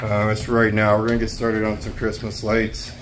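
A man's voice: fairly low pitch, monotone, a little fast, a bit bright, slight background noise. A man chatting casually to his viewers in a folksy, rambling, self-deprecating way while going about his day. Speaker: trucking vlogger. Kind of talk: casual vlog chat to camera. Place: at home and around town.

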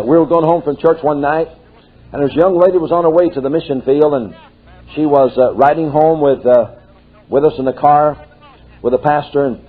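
A man's voice: on the high side, slightly rough. Older male preacher on a tinny old tape. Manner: folksy storytelling, building to fervent exclamations. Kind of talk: sermon.

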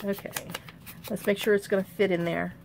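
A woman talks her way through a casual crafting tutorial at a steady middle pitch. She rambles and thinks aloud, with her voice often sinking to a low mutter as she works. A faint hiss sits under the recording. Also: a little fast, gravelly. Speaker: crafting channel host.

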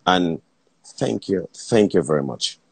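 Jamaican livestream host, deep and lively, excitable and profane, repeats himself. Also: male voice, unhurried, gravelly, breathy edge, no room sound. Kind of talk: casual livestream chat.

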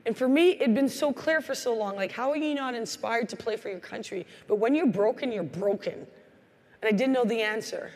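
This energetic keynote speaker from Canada tells motivational stories in a reverberant large hall, voicing the people she quotes. Her voice is on the high side, and she talks a little fast.

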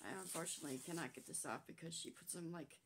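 A woman's voice: deep voice, fast, background noise. A woman hosting a craft channel, chatting casually and gushing as she unboxes craft supplies. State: out of breath. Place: at a table at home.

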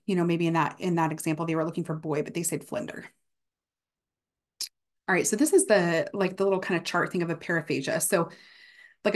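A young woman giving a casual university guest lecture, with many fillers, now and then acting out examples of speech errors. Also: lowish voice.

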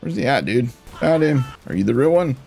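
A man giving casual, jokey commentary over his own gameplay, laughing often and getting excitable. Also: medium pitch, brisk, gravelly, soft background music. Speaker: gaming streamer.

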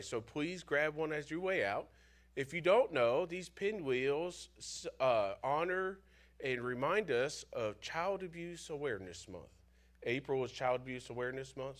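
A man's voice: mid-range voice, fairly bright tone. A congested man, a pastor, giving casual announcements to his church during a worship service. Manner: casual, informal. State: congested from pollen. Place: church sanctuary.

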